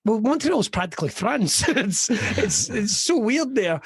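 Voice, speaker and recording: A man with a West of Scotland accent, a comedian chatting as a podcast guest, telling lively stories and acting out the people in them. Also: high voice, measured pace, husky, dry recording. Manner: lively storyteller who acts out quoted voices and laughs often. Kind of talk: casual podcast chat.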